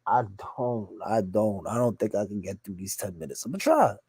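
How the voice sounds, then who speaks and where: A man's voice: on the low side, normal speed, warm tone, husky, no echo. A man from the United States streaming live from home, reacting to videos with blunt, joking slang commentary. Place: home at night, son asleep nearby.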